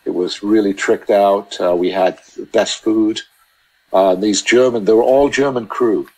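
Low-voiced man telling rambling stories. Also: fairly even intonation, darkish tone, rough recording. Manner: rambling, halting anecdotes full of restarts. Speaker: podcast guest, entrepreneur. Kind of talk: casual storytelling chat.

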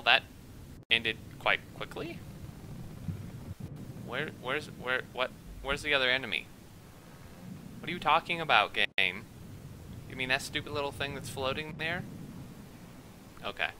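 A young man giving rambling, excitable gameplay commentary at his computer, quick to get worked up. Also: medium pitch, background noise. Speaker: let's play gamer.

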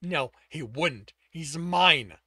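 A man's voice: on the high side, lively intonation, very slow, pushed and bright, husky, no room sound, full character voice. A man voicing a tormented young man, desperate and possessive, who pleads and growls. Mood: anguished. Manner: pleading, anguished.

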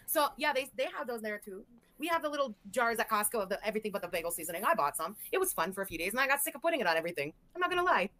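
A woman's voice: fairly high pitch, very animated, very fast, bright, forceful tone. A woman from Canada co-hosting a casual livestream, chatty and brash while reading viewer messages. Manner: chatty, brash, laughs easily.

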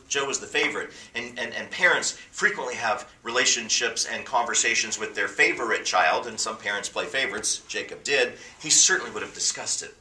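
A pastor preaching a sermon to a congregation, building to emphatic, rising bursts. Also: male voice, medium pitch, sharp tone, reverberant, far from the mic.

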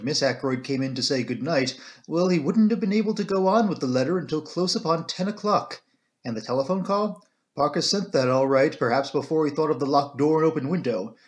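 A man reading a grim police inspector, brisk pressing questions, fairly high voice, audiobook. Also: close to an everyday voice.

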